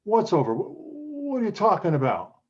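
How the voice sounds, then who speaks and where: A man's voice: fairly high pitch, wildly swooping pitch, husky, muffled recording, full character voice. A man playing a desperate pleading husband. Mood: confused. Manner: pleading, halting repetitions. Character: desperate young husband pleading with his wife. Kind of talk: acting class scene reading.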